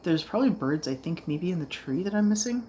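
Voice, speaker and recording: A woman's voice: fairly low pitch, expressive, fairly quick, mellow, slight background noise. A woman hosting a casual livestream from her home, rambling chattily with lots of fillers. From Canada. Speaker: channel host. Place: home, indoors.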